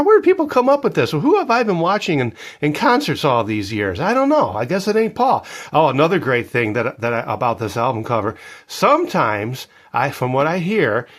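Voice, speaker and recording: Animated chatty man in his fifties. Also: fairly high pitch. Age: 50s. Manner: chatty, animated, jokey asides. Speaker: record collector vlogger. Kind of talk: casual show-and-tell vlog.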